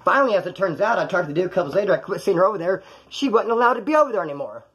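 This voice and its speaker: Fast-talking husky-voiced man storyteller. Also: high-pitched, expressive, a bit bright, dull audio. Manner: profane, rambling, acts out quoted voices. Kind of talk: casual storytelling.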